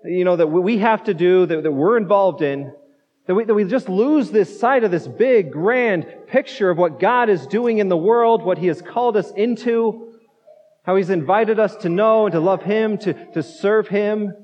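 A man's voice: high voice, normal speed, a little mellow. A man pastor giving a conversational sermon, repeating words as he goes and acting out the quotes. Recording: dull muffled sound in a reverberant hall.

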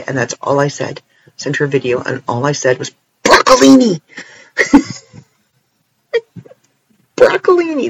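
A Canadian man with a slightly rough, higher-pitched voice chats casually and playfully on his own in a rambling nighttime vlog, recorded roughly. He's indoors alone, tired, and stretching his sore legs as he talks.

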